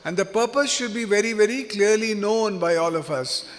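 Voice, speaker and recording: A man leading an interactive workshop, quizzing the audience and joking in an animated way. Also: sits high, moderate pace. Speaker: workshop facilitator. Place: seminar hall. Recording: long hall reverb.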